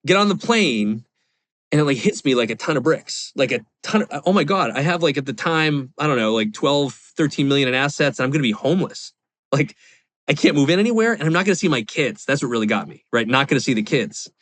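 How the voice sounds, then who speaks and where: A man in his forties shares a personal story as a podcast guest. He rambles candidly, with plenty of fillers and restarts, at an ordinary pitch. The sound is dry and close. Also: animated, brisk, a bit bright, dry recording. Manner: rambling, confessional, lots of fillers. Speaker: podcast guest, real estate investor.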